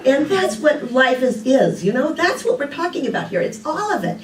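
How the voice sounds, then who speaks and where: With a high, sing-song voice at a normal speed, an older woman leads a casual sermon at a spiritual community, chatting through stories and rhetorical questions. The sound is echoey and captured from afar.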